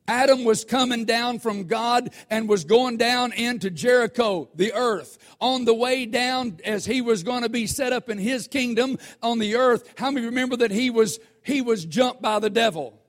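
A high-pitched man delivers a sermon. He is animated and keeps asking the congregation questions, then slows down to stress the scripture. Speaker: preacher.

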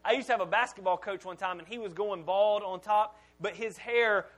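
A man's voice: high-pitched, a little fast, a bit bright. A male pastor, preaching a sermon in a folksy, storytelling way and acting out the characters' lines. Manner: folksy storytelling with acted-out dialogue.

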